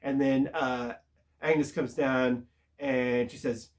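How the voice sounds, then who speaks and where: A man casually recapping a TV episode, rambling and halting with lots of filler words. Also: medium pitch, steady tone, a little mellow. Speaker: TV show reviewer.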